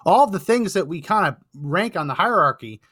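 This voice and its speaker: A man's voice: high voice, expressive, normal speed, a bit bright, breathy edge, no echo, studio quality. A man hosting a call-in talk show, chatty and agreeable, often affirming the caller. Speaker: host.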